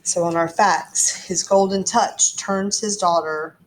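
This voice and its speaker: A woman's voice: fairly low pitch, steady tone, takes it slowly. A woman teacher reading a storybook aloud and explaining it to her class in a chatty way. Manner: chatty, explanatory, frequent ums.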